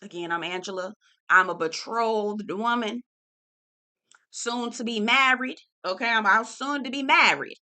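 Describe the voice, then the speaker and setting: A sassy, teasing engaged woman drawls her lines slowly and pointedly, as a woman puts her on in a casual video. Her voice is bright and sharp. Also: a little high.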